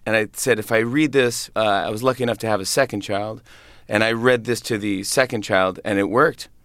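A man's voice: fairly low pitch, steady tone, a little fast, a bit bright, no room sound, clean studio sound. A man in his thirties, a comedian, chatting in an interview, laughing often and acting out voices in his stories. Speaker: comedian and guest. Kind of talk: interview conversation.

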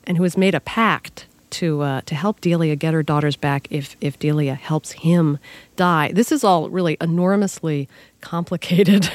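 A woman sitting in as a radio interview host, reading a composed introduction and asking measured questions. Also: deep voice, a little mellow, no room sound. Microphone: studio microphone. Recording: dry studio sound.

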